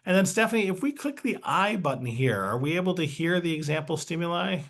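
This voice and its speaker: A man's voice: on the high side, lively intonation, brisk, a bit bright. A man presenting a webinar, explaining a brain training exercise in a chatty, upbeat way.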